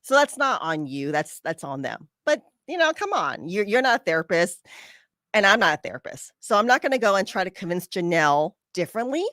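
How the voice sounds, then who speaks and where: A woman's voice: mid-range voice, a little fast, no echo, studio quality. A woman podcast host telling a personal story and giving casual advice, acting out her friends' lines as she goes. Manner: animated, acts out quoted friends.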